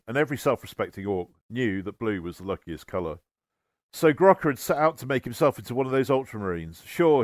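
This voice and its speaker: A man narrates a comic tale in a wry, deadpan tone at a middling pitch. The recording is dry and close, with no room sound. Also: dry recording. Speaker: storyteller. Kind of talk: humorous scripted narration.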